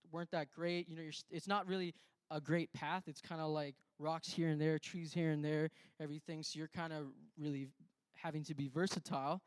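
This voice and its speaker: A man's voice: on the high side, clear, resonant tone, no room sound. Young man telling a church testimony. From Canada. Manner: conversational, many restarts and quoted self-talk. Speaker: church speaker. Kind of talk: storytelling testimony.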